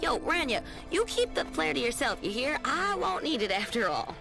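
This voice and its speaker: Brief: weathered trucker woman, folksy drawl, gravelly edge, game music under. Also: high-pitched, sing-song, normal speed, full character voice. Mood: friendly. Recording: game dialogue over music.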